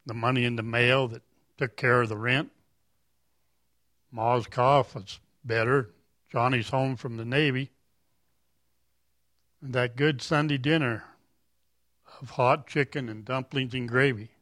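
A man's voice: medium pitch, steady tone, unhurried, pauses often, fairly bright tone, no room sound, lightly acted. A man reading aloud the words of a humble old farmer talking to God like a friend, in a folksy, plain-spoken way. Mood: earnest.

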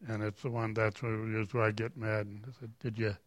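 A man's voice: fairly low pitch, level tone, a little fast. Folksy man giving an informal church talk. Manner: rambling, folksy, self-deprecating. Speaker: lay speaker at church.

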